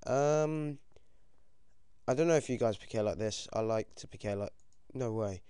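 A British teenage boy giving casual, excitable commentary over his own game, swearing often and yelping when things go wrong. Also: mid-range voice, moderate pace, smooth, no echo, clean studio sound. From United Kingdom. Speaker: gaming commentator.

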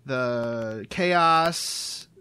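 A man's voice: medium pitch, extremely slow, pushed and bright, smooth, no echo. A man hosting a podcast in casual chat, talking enthusiastically with rambling restarts and frequent laughter. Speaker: podcast host.

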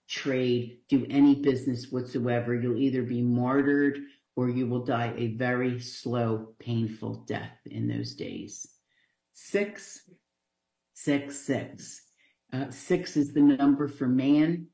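A woman's voice: a bass voice, dark tone. Woman, pastor, conversational Bible study sermon, joking asides, echoey church hall.

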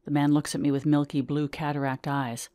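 A woman's voice: deep voice, little pitch movement, mellow, no room sound. Woman reading her memoir, dry close sound. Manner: measured, vivid first-person storytelling.

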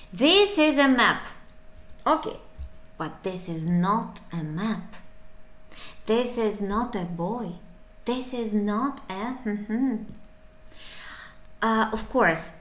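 A woman's voice: on the high side, very animated, slow pace, a bit bright, roomy sound. A woman teaching a beginner English lesson, encouraging and playful, breaking into little asides. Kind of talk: online language lesson.

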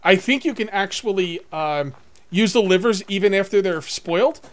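Excitable high-voiced man gaming. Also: normal speed. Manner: excitable, talks to viewers, swings from muttering to whooping. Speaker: let's play gamer. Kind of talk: casual gameplay commentary.

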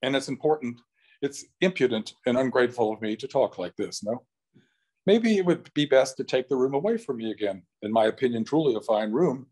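A man reading his own translation of a novel aloud at a live event, measured and thoughtful, with brief asides to the audience. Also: medium pitch, a little mellow. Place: small venue in front of an audience.

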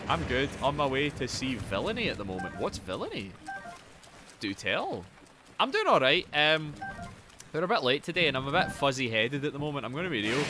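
A young man streaming a video game live, excitable, swearing often and chatting straight to his viewers. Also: mid-range voice, normal speed, background noise. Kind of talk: live gameplay commentary with chat.

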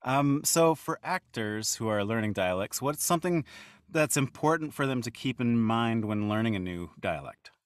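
A man's voice: medium pitch, lively intonation, normal speed, clear, resonant tone, no room sound, studio quality. A man hosting an interview, reading an introduction and asking questions in a loose, friendly way with many filler sounds. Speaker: interview host.

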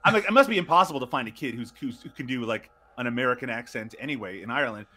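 Man from Newfoundland, podcast guest, sardonic, profane, bright, animated pitch. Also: racing. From Newfoundland, Canada. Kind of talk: casual movie review chat.

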